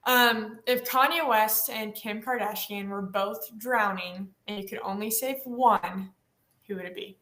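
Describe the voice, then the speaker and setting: A woman co-hosting a webinar over a video call, asking quick playful questions and teasing her guests. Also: mid-range voice, sharp tone, echoey room, poor audio. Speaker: webinar co-host asking lightning round questions. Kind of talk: casual video-call chat.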